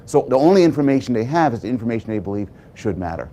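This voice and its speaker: A man giving a prepared public talk, telling a story with animated delivery and dramatic pauses. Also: medium pitch, slight background noise. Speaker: public speaker.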